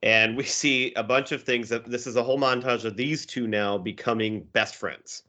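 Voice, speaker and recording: A man's voice: medium pitch, moderate pace. A man co-hosting a podcast, retelling a comedy film scene by scene in casual chat and acting out lines from it. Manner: animated storytelling, acting out quotes. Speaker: podcast co-host. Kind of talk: casual movie recap chat.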